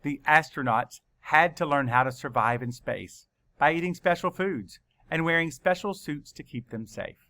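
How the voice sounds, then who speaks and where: A man teaching a spelling lesson to children, spelling words out letter by letter in a slow, deliberate way. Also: fairly high pitch, bright, forceful tone.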